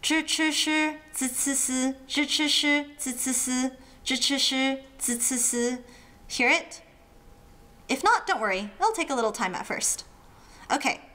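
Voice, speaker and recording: A woman's voice: on the high side, a bit bright. A woman teaching language pronunciation in a playful way, acting out sounds with funny imitations. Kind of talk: friendly explainer lesson.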